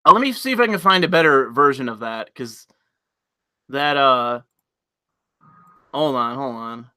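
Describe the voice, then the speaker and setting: Streamer dude cussing and grumbling at his screen, super bright voice, dry close sound. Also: mid-range voice, animated, measured pace, smooth, dry recording. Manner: profane, exasperated, laughs often. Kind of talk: casual live-stream chat.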